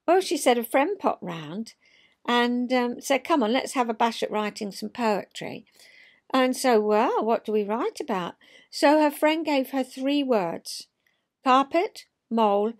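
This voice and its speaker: A woman hosting her own show, reading a comic poem aloud with expression and chatting casually. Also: on the high side. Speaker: host. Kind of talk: poetry reading and casual chat.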